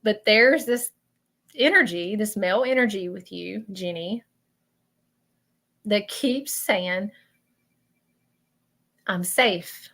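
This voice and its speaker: A woman with a Southern US accent hosting a live stream of spiritual readings, talking in an emotional, halting way that repeats itself. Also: mid-range voice, a bit bright. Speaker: host doing spiritual readings. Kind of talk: live-stream chat with viewers.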